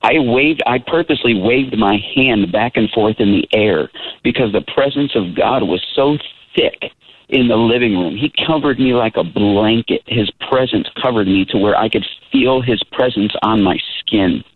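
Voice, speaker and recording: A man's voice: medium pitch, moderate pace, slight background noise. A man in his thirties giving an earnest, emphatic testimony as an interview guest, talking casually. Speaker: interview guest, Christian rapper. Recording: tinny phone-like line, dry.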